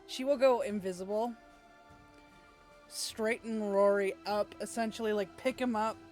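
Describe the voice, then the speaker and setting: A woman's voice: mid-range voice, steady tone, unhurried, a little mellow, soft background music. A woman playing in a tabletop role-play game, giggly and playful as she describes her character's antics. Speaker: player.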